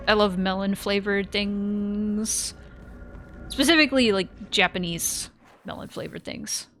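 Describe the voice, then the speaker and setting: A woman giving casual let's-play commentary, chatty and rambling with frequent self-corrections. Her voice sits in a middle pitch, with a faint hiss behind it. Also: unhurried, fairly bright tone. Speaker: streamer.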